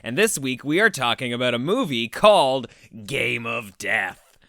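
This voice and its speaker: A man's voice: medium pitch, expressive, creaky, sharp tone, dry recording, clean studio sound. A Canadian man co-hosting a podcast, chatting casually and jokily. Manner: jokey, upbeat, quick asides. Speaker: podcast co-host.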